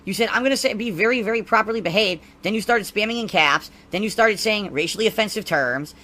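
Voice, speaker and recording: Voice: medium pitch, fast, bright, forceful tone, natural voice. A streamer in a played clip, exasperated and frustrated while moderating the chat.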